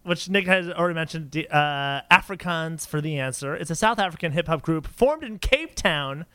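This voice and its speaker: Guy hosting a podcast, high lively voice, laughs a lot, dry close mic. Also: normal speed, clear, resonant tone, no echo. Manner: laughs often, stumbles over names. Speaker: podcast host. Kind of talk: casual chat.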